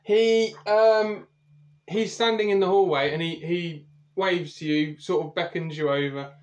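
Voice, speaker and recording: A man's voice: high-pitched, a little slow. A man running a tabletop game as game master, narrating the scene in a rambling way with lots of hesitation.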